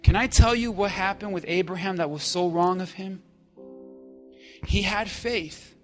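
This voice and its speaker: A man preaching a sermon, moving from hushed, slow passages to loud call-and-response with the congregation. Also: high voice, faint music behind. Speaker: pastor.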